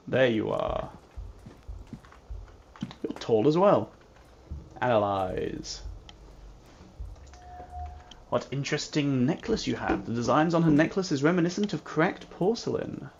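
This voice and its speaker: A man's voice: mid-range voice, animated, measured pace, long pauses, darkish tone. A man doing let's-play commentary on a mystery game, playful, reading the on-screen text aloud and humming little jingles. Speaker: gamer playing a mystery game. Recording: dull lo-fi with faint hiss.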